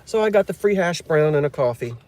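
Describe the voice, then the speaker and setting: Chatty man with a fairly high voice. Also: animated, a little fast, a little mellow. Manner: chatty, jokey, reads and answers viewer comments. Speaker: livestream host. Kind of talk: casual live-stream chat.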